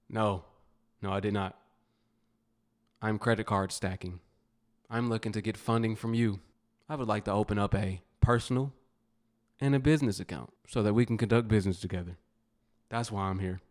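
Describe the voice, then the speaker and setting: A man's voice: lowish voice, steady tone, normal speed, long pauses, darkish tone. A man reacting to clips as a commentator, blunt and mocking.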